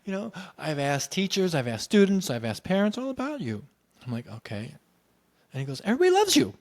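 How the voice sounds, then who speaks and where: Animated man telling a story. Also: fairly high pitch, fairly quick. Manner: animated, acts out quoted voices. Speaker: podcast guest telling his story. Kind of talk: casual storytelling.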